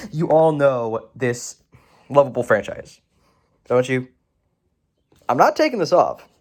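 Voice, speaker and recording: A man talks through a movie review in a loose, rambling way, often starting a word and then correcting himself. His pitch swings sharply up and down from phrase to phrase, giving the talk a lively, animated feel. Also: slow pace. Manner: rambling, with self-corrections and asides. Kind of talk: casual video review.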